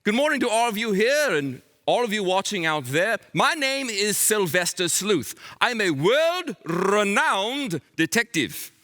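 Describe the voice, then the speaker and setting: A man playing a bumbling, excitable detective for a children's Bible school, theatrical and playful, with dramatic exclamations. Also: sits high, measured pace, few pauses, heavily acted. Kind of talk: comic character acting for children.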